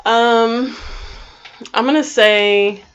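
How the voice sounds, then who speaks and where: A woman's voice: fairly high pitch, extremely slow, smooth. Woman, co-host on a livestream, teasing and laughing, dull lo-fi sound. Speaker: livestream co-host reading comments. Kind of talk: casual livestream chat. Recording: lo-fi stream audio.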